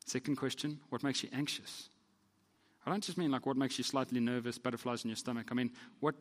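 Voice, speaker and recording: A man, a pastor telling a story in a sermon in an animated, self-deprecating way. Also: mid-range voice, brisk, in a large hall.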